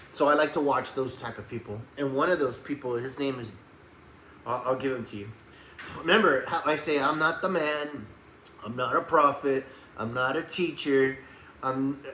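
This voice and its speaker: A man delivering a rambling faith monologue to camera, preachy and emphatic, often breaking into loud raised outbursts. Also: fairly high pitch. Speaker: Christian video blogger. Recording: echoey room with faint background hum.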